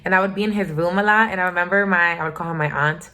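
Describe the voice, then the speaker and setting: A woman's voice: on the low side, fast, pushed and bright. A young woman telling a story to her channel in a candid, profane and emphatic way. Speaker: vlogger. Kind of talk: casual storytime.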